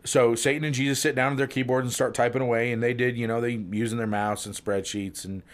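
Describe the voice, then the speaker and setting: A man casually telling long jokes as a podcast co-host, playful, jumping up in pitch for the characters in them. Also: fairly even intonation, fast talker.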